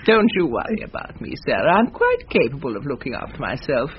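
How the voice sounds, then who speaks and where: A woman's voice: extremely low pitch, big pitch swings, brisk, highs cut off, a little hiss or hum. A guilt-tripping old mother. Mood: martyred. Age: older. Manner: sweetly passive-aggressive, self-pitying. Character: manipulative elderly mother, martyred and guilt-tripping. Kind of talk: radio sitcom acting.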